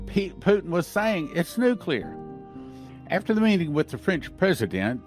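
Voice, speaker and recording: A man hosting a podcast, reading news and scripture aloud and commenting on it with emphatic, repeated points. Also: mid-range voice. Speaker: podcast host.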